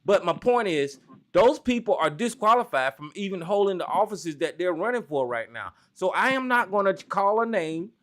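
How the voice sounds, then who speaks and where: A Southern-accented man hosts a call-in radio show and tears into a caller with loud, profane insults. His voice sits high for a man. He talks in a heated, berating way. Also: big pitch swings, moderate pace. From American South.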